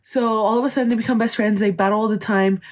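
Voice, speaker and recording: A woman's voice: fairly high pitch, steady tone, fast talker. A young woman hosting a casual podcast, telling a gossip story in a chatty way, swearing, slipping Spanish phrases into her English and acting out quotes. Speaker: podcast host.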